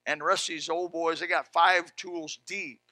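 A man preaching a sermon in a folksy, fervent way, dropping to a hush and then rising loud. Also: fairly high pitch, fairly even intonation, normal speed, no echo. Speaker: pastor.

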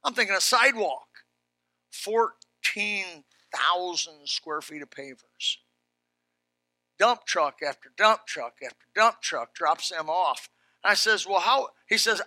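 A middle-aged pastor preaching a sermon, telling folksy stories with animated rises and shouts. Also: male voice, high-pitched, dry recording.

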